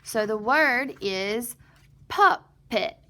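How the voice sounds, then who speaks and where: A woman teaching a recorded phonics lesson to first graders, sounding out word parts slowly and patiently and asking and answering her own questions. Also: fairly high pitch, animated, creaky, pushed and bright.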